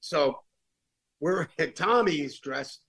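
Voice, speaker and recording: Gravelly-voiced man rambling through road stories. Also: a little high, expressive, very slow, a bit bright, rough recording. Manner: rambling, with many restarts and fillers. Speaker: rock musician guest. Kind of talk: casual storytelling.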